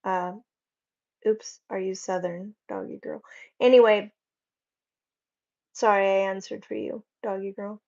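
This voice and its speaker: Chatty woman livestream host, slow easygoing delivery, slightly dull lo-fi sound. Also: mid-range voice, steady tone, gravelly. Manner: chatty, rambling, warm toward viewers. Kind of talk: casual livestream chat reading comments. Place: home.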